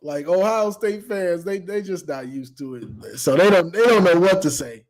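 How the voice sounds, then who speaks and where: A man hosting a live sports call-in show, telling a trash-talk story with laughter and lots of quick restarts. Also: high-pitched. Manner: animated storytelling, acting out both sides of a trash-talk exchange with laughter; frequent stammered restarts.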